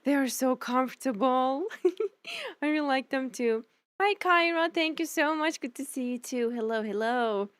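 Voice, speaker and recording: A woman's voice: high voice, expressive, unhurried, no echo. A young woman streamer greeting her chat in a bubbly, effusive way, laughing often and thanking viewers before a game stream.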